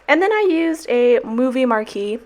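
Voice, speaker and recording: Her voice sits on the high side, animated and a little mellow, moving at a moderate pace. This young planner vlogger, who is also a teacher, rambles through her weekly planner as she adds stickers, cursing freely and apologizing in jest.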